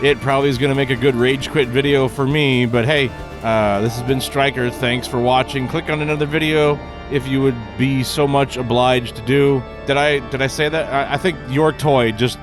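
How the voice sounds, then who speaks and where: A man's voice: medium pitch, steady tone, moderate pace, hardly any pauses, over music. A man hosting a video that reacts to game trailers, ranting in exasperation and swearing freely. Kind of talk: casual reaction commentary.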